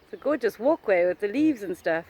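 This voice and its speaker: A woman's voice: medium pitch, lively intonation, warm tone, breathy edge. A woman co-presenting a travel vlog, explaining things to the camera in an upbeat, enthusiastic way outdoors. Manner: upbeat, enthusiastic, quick to laugh. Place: outdoors on a garden estate.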